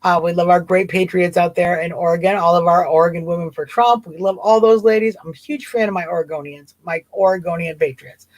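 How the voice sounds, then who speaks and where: A woman's voice: fairly low pitch, fairly even intonation, fairly quick, hardly any pauses, dry recording. A woman hosting a casual livestream talk show, chatty and amused, rambling and repeating herself. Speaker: host.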